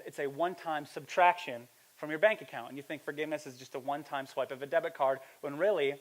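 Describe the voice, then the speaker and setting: A young man preaching a sermon, telling a story in a casual, animated way and building to loud, emphatic preaching. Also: fairly high pitch. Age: young adult. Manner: casual, with fillers and slang. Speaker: pastor.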